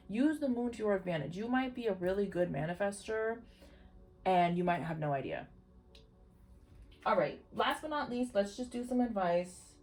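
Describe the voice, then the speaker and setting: A woman reading tarot cards for her viewers in a casual, excitable way, swearing freely and often breaking into exclamations as she gives them a pep talk. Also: mid-range voice. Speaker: tarot reader.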